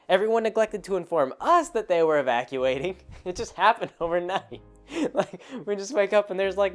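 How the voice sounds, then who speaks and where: Rambling man telling a game story. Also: sits high. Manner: rambling, self-interrupting, laughs often. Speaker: podcast host. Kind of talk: casual anecdotal storytelling.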